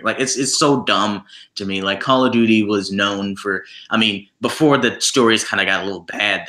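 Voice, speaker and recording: Man, casual podcast chat, bright tense voice, rambling, roomy echo. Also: on the low side. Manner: rambling, repeats words, exasperated rants. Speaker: podcast co-host. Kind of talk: casual chat about video games.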